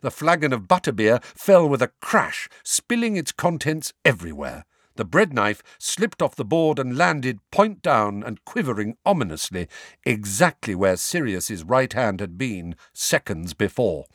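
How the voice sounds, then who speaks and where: A man reading a novel aloud as an audiobook narrator, lively and expressive. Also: mid-range voice, a little slow, dry recording, clean studio sound. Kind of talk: scripted narration.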